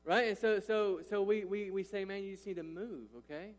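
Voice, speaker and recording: Preaching at normal speed in a voice that sits high, a pastor in his thirties delivers an emphatic sermon with long hall reverb. To keep listeners engaged, he repeats "right?" and "listen."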